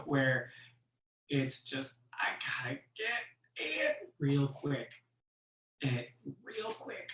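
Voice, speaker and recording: A comedian telling stories on a virtual show, in an animated way with frequent laughs. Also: medium pitch, far from the mic. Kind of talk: stand-up storytelling on a virtual show. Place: room at home for a virtual show. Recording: echoey room, off-mic.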